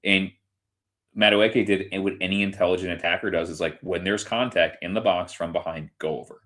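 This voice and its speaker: A man's voice: deep voice, fairly even intonation, a little fast, fairly bright tone. A man co-hosting a sports podcast, talking in a heated, profane rant and acting out quoted voices. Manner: heated ranting, swears freely, acts out others in quoted bits. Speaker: podcast co-host. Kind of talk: casual sports chat.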